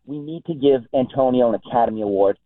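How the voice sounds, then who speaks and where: A man's voice: medium pitch, quick pace, no room sound. A man calling in to a radio talk show, easygoing and joking. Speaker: radio caller. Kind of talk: phoned-in opinion. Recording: tinny phone line.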